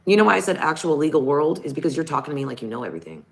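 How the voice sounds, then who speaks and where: A woman's voice: low-pitched, sing-song, rapid-fire, vocal fry. A woman ranting defiantly on a livestream clip, swearing often. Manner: defiant, profane. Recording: stream clip with music behind. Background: music.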